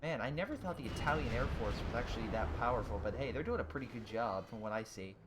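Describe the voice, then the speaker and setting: A man's voice: medium pitch, fast talker. Chatty man narrating his strategy game. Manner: chatty, thinks aloud, many fillers and restarts; cheers and groans at the game. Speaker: gaming video host. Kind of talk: casual let's-play commentary. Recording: steady audible background noise.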